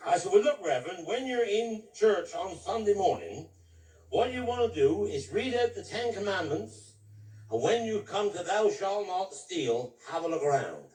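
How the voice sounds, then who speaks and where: A man tells crude jokes. He often laughs at his own punchlines. His voice is high-pitched and sounds roomy and distant. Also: animated, normal speed, darkish tone. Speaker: comedian telling jokes. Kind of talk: crude stand-up joke telling. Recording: echoey room heard from far off.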